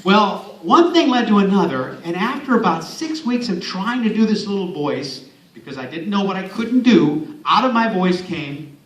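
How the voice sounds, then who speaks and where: A man's voice: high-pitched, animated, normal speed. A man from San Antonio giving a motivational speech and telling stories with playful asides to the audience. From San Antonio, Texas. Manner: warm storytelling with playful asides. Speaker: speaker, former radio host and voice actor. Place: large hall at an event. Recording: echoey hall from far off, faint ambience.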